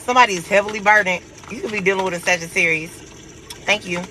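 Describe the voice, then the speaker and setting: A man giving a casual, profane tarot reading to his viewers, animated and quick to laugh. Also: sits high, noisy background. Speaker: tarot reader.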